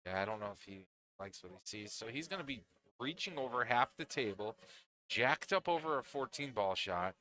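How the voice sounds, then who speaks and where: A man's voice: lowish voice, pushed and bright. A man with a Northeastern Pennsylvania accent giving chatty live commentary on a pool match, often laughing and restarting his phrases.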